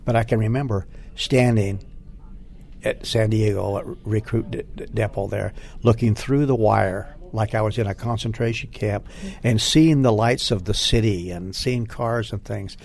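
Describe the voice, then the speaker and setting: An older man, a former Marine recruit, recalling boot camp in an interview with halting speech and many restarts. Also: lowish voice, fairly even intonation, vocal fry, a little mellow. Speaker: Marine Corps veteran interviewee. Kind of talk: oral history interview.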